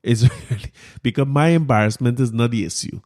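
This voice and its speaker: A man hosting a podcast, telling a family story in a casual, animated way and laughing often. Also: mid-range voice, fairly quick. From Trinidad and Tobago. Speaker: podcast host.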